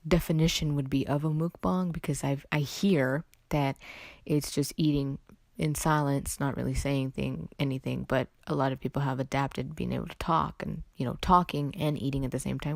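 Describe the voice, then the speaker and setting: A woman's voice: extremely low pitch, steady tone, a little fast, vocal fry, dry recording, studio quality. A young woman from California hosting a casual solo podcast, chatty and rambling, a little under the weather. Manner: rambling, chatty, self-interrupting with "like" and "anyway". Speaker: podcast host.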